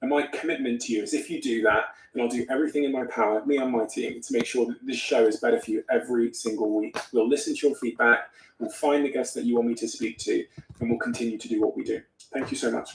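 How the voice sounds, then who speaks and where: Fast-talking male podcast host. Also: medium pitch, steady tone, reverberant, a little hiss or hum, low-quality recording. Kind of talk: interview questions and show plug.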